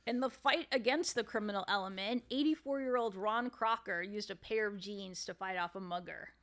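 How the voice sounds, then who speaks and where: A woman's voice: mid-range voice, moderate pace, a bit bright. Curious woman relaying news stories. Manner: reads out news stories, asks curious questions. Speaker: comedian co-host. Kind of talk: casual comedic chat.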